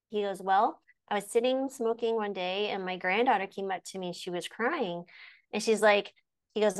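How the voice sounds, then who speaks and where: A woman's voice: mid-range voice, moderate pace. A woman in her forties, a physician hosting an interview, talking earnestly and telling stories in a conversational way. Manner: earnest, storytelling with quoted voices. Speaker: physician and podcast host.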